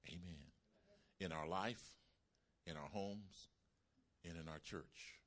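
A man preaching with a bright, forceful voice that sits a little low. He builds his points with emphasis and calls out to the congregation. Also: takes it slowly. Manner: emphatic preaching, rising to shouts. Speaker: pastor. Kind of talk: sermon.

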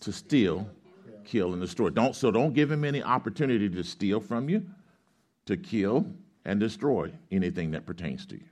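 A man with a low, steady voice preaching to his congregation. He reads scripture and then works through it like a teacher. He keeps asking questions for the crowd to answer back. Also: moderate pace. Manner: reads scripture aloud, explains Greek grammar. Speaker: pastor. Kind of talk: sermon with call-and-response.

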